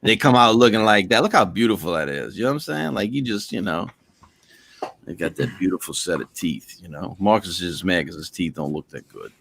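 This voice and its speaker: A man's voice: low-pitched, expressive, brisk, creaky, a bit bright, slight background noise. A man in casual chat, telling a long profane joke in a rambling way.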